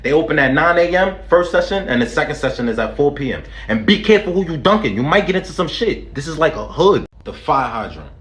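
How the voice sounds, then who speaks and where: A young man from the Bronx talks with a strong New York accent and a brash, joking delivery, leaning hard on street slang. His voice sits slightly higher than most men's. The sound carries a noticeable room echo. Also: sing-song, quick pace, hardly any pauses, a bit bright. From New York City, the Bronx. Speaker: vlogger host. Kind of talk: comedic vlog skits.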